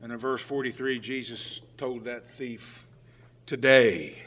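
A middle-aged man preaching a sermon in a conversational way, full of restarts, moving between hushed and emphatic delivery. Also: medium pitch, little pitch movement, measured pace.

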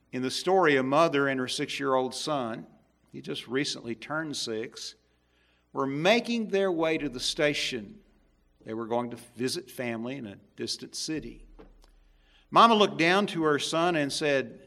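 A male preacher delivering a sermon, emphatic, swinging between loud stresses and hushed asides. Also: on the high side.

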